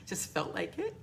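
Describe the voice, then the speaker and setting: A woman's voice: high voice, vocal fry, slight background noise. A woman hosting a spiritual live stream from home, effusively greeting viewers by name and leading a guided grounding exercise. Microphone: camera she holds or adjusts.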